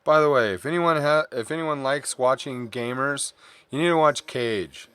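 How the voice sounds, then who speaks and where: A man's voice: mid-range voice, moderate pace, fairly bright tone, clear, resonant tone, no echo. A middle-aged man chatting casually and candidly while drawing on stream, rambling from topic to topic and apologizing for his swearing.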